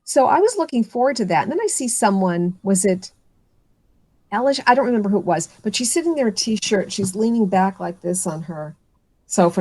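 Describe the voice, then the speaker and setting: A woman speech coach speaking as a guest in a video interview, confident and animated when telling stories. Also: on the high side, normal speed, dry recording. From United States.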